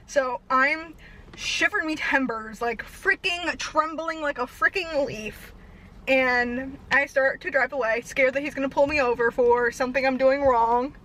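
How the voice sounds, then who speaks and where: A young woman vlogger telling a rambling story fast and out of breath, laughing at herself. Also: sits high, fairly bright tone, rough recording. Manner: breathless, fast-talking, self-deprecating.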